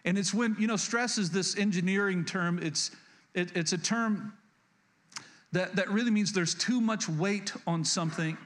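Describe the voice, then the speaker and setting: A pastor preaching a sermon, earnest and repeating key lines for emphasis, with frequent restarts. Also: male voice, high-pitched, moderate pace, fairly bright tone.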